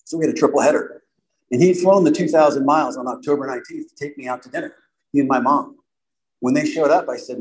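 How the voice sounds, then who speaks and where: A middle-aged man speaks candidly to a live audience about his own past. His talk rambles, full of asides and restarts, at a medium pitch for a man. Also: fast, darkish tone, poor audio. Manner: candid, rambling, with frequent "you know" asides. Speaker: speaker sharing a recovery story. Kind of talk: personal testimony talk to an audience.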